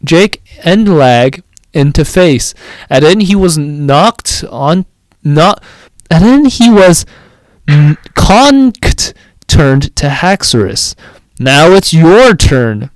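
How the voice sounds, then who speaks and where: Slow-reading young man, lively pitch. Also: no room sound. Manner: stumbling over misspelled words, breaking into laughter. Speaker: podcast co-host reading a fan story aloud. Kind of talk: comedic dramatic reading with banter.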